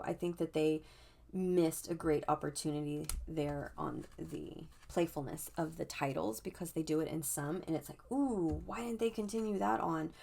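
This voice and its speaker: A woman's voice: low voice, creaky, darkish tone. A woman tarot reader chatting casually as she reviews a deck, musing aloud and often restarting her sentences. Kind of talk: casual chat.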